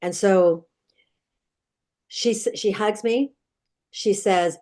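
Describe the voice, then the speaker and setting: A woman's voice: medium pitch, slow pace, warm tone. A middle-aged woman, a dream expert guest, earnestly retelling a childhood nightmare in vivid detail, with many restarts. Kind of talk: storytelling in an interview.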